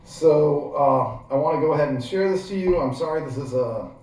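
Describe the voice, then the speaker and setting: This man's voice is a little high with a darkish tone, and he speaks at a moderate pace. A gear how-to vlogger from Ohio with a Midwestern American accent, he rambles through a chatty demonstration full of fillers and digressions, recorded far from the mic in a very echoey room.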